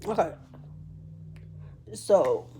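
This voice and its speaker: A young woman talking to her vlog camera, halting and restarting as she fights back tears. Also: on the low side, lively intonation, dark tone, a little hiss or hum. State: tearful. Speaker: vlogger. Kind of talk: emotional personal vlog.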